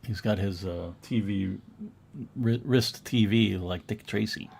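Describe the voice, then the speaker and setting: A man co-hosting a casual online chat about comic book art, chatty and quick to laugh, now and then reading captions aloud in mock voices. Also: on the low side, gravelly, darkish tone, slight background noise. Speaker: museum co-host.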